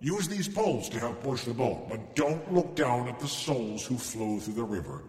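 A man voicing a wary, dry-humored male ferryman of the dead who speaks in hushed warnings in a storybook tale. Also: mid-range voice, sing-song, moderate pace, natural voice. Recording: echoey hall reverb.

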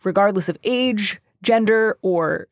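A woman hosting an advice podcast, talking in a brisk, chatty way and acting out sample requests. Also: medium pitch, no echo, studio quality. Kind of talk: casual advice chat.

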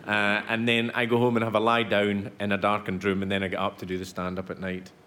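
A man, a stand-up comedian, chatting casually on a comedy show with dry, deadpan jokes. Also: fairly low pitch, quick pace, a little hiss or hum.

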